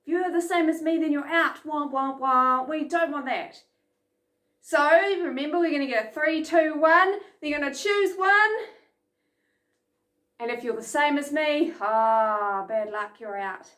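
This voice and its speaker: Lively high-voiced New woman, kids' instructor, echoey room. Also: a little slow. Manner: energetic, chanting and calling out game sounds. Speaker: children's program instructor. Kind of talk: lively kids' lesson from home.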